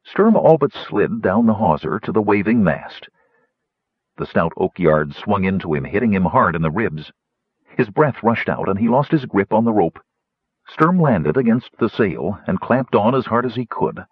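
A man narrating an adventure novel aloud in an animated storytelling manner. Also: lowish voice, normal speed, husky, dry recording, muffled recording. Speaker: audiobook narrator. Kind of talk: scripted fantasy narration.

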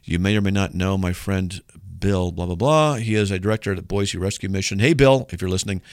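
On a call-in apologetics radio show, a male host argues emphatically and animatedly, playing out mock back-and-forth dialogues to make his point. His voice sits low and runs a little fast, recorded dry in studio quality.

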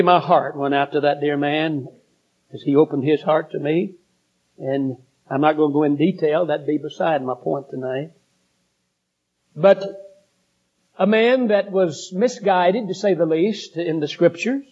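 A man preaching a sermon, slow and deliberate, building in intensity. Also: a little high, darkish tone, breathy edge. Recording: dull lo-fi recording.

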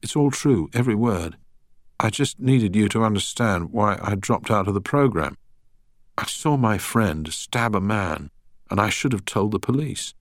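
A man's voice: fairly low pitch, animated, normal speed, dry recording, clean studio sound, pitched above the performer's own voice. A man voicing a well-spoken young man who is a recovering heroin addict, hesitant and uneasy. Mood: nervous, confessing.

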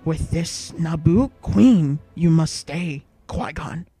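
A man voicing an ancient, small, wise male alien master who speaks slowly with inverted word order. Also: fairly high pitch, warm tone, slightly rough, faint music behind, exaggerated voice. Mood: solemn.

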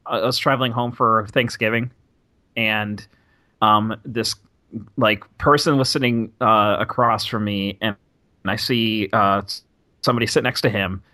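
A man's voice: fairly low pitch, steady tone, moderate pace, pushed and bright, no echo. A man guest on a podcast, telling a self-deprecating anecdote in casual chat and acting out the people in it. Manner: self-deprecating storyteller, acts out voices in anecdotes.

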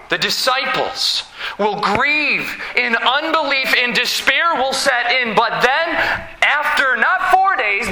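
A man preaching a sermon as pastor, slow and emphatic, with dramatic pauses. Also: sits high, sharp tone, roomy sound, a little hiss or hum, poor audio.

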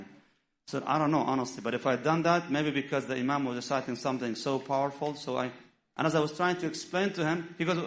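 A man's voice: mid-range voice, fairly even intonation, quick pace. A middle-aged man whose first language is Arabic, giving a storytelling sermon, acting out dialogue and weaving in Arabic phrases. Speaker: imam giving a talk.

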